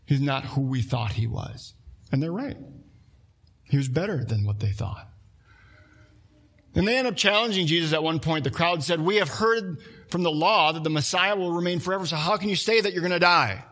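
A man preaching a sermon from the pulpit with a slightly higher than usual voice. He reads scripture aloud and presses his congregation with earnest, direct questions. His delivery is that of a pastor speaking to his church. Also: lively intonation, normal speed, fairly bright tone.

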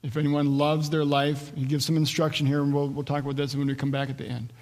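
A man's voice: fairly high pitch, completely flat delivery, fast talker, a little mellow, in a large hall. A man preaching a sermon as pastor, reading scripture aloud and explaining it verse by verse. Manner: expository preaching, acts out quoted voices.

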